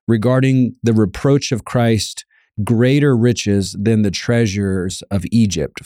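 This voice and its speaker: A man's voice: on the low side, dark tone, dry recording, clean studio sound. A man preaching a sermon, earnest and emphatic, repeating key lines and reading scripture aloud.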